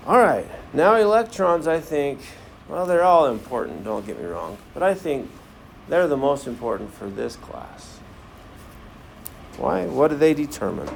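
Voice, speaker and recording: A man's voice: fairly high pitch, sing-song, measured pace, creaky, a little hiss or hum. A man teaching a science class, firing questions at the students and joking as he runs a demonstration in a classroom. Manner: asks the class many questions, jokey.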